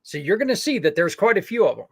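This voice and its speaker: An earnest podcast host speaks in a fairly high voice, wandering through asides and fillers as he appeals to his listeners. The sound is dry and close, with no room around it. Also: sing-song, quick pace, a bit bright, slightly rough, dry recording.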